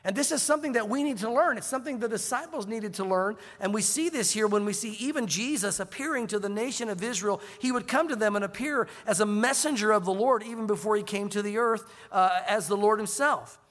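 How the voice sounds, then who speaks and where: A man's voice: sits high, brisk, hardly any pauses, fairly bright tone, in a large hall. A man preaching a sermon as pastor, telling stories with animation and acting out the voices of the people he quotes.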